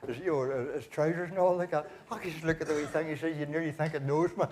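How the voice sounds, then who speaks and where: A Northern Irish man with a notably high voice tells folksy jokes as compere of a live church concert. He acts out the characters' lines as he goes, with a faint hiss under the recording. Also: fairly even intonation, fast talker, a little mellow. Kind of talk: live joke-telling to an audience.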